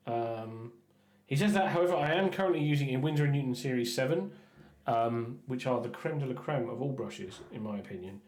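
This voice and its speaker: A man chatting casually while painting miniatures on a stream, rambling with stumbling restarts and often trailing off quietly. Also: medium pitch, lively intonation, a little fast, echoey room. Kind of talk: casual painting livestream chat.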